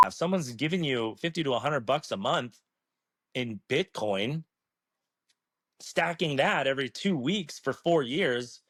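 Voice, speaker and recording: A man's voice: medium pitch, fairly bright tone, no room sound. An earnest man speaks with passion as an interview guest, pressing his points and swearing freely. His voice sits mid-range and the recording is dry and close, with no room sound. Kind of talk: passionate casual talk.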